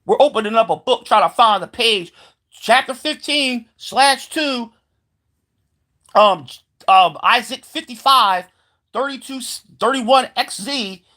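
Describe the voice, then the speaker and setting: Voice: medium pitch, slow pace, sharp tone. Swearing, sarcastic ranting vlogger. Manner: heated, sarcastic, swears constantly; stumbles into repeated filler words. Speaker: solo vlogger. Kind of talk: profane rant to camera.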